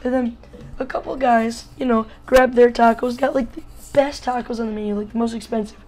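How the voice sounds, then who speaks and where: A boy in his early teens from Wisconsin tells a storytime vlog in a slightly hoarse voice. He jokes and rambles, filling his talk with "like.". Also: very high voice, flat delivery, fairly quick, darkish tone, low-quality recording. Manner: jokey, rambling, lots of "like" fillers. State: a little hoarse. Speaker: vlogger.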